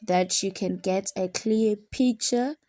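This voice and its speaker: A woman teacher explaining a lesson and reading examples aloud slowly and deliberately. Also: medium pitch, warm tone, no echo.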